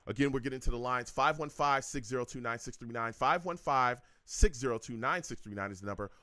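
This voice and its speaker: A man's voice: mid-range voice, lively intonation, brisk, few pauses, sharp tone, no room sound. A man hosting a sports call-in show, ranting in a heated, exasperated way and repeating himself. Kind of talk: live sports call-in radio rant.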